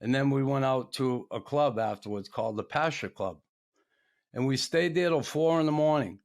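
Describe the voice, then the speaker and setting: A man's voice: mid-range voice, moderate pace, darkish tone. An older man hosting a podcast, telling profane anecdotes in casual chat and laughing as he goes. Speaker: podcast host.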